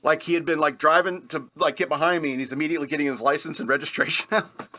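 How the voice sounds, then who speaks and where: Here a radio host rambles through stories from his own life, laughing at himself as he goes. He's a fast talker with a slightly high, sharp-toned voice and fairly even intonation.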